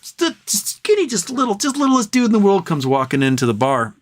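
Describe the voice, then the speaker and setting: A man's voice: sits high, sing-song, a little fast. A man hosting a late-night livestream, chatting casually in a rambling, profane way and chuckling at his own jokes. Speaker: livestream host.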